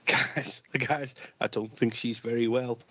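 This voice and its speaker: A man's voice: mid-range voice, steady tone, measured pace, sharp tone, no echo. A man playing a tabletop game in character, stammering through restarts and cracking dry jokes. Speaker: player.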